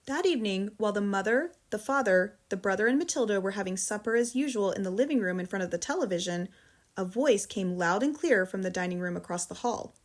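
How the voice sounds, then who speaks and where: An American woman narrating a children's novel in a calm, measured storytelling voice. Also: medium pitch. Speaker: audiobook reader. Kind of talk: audiobook narration.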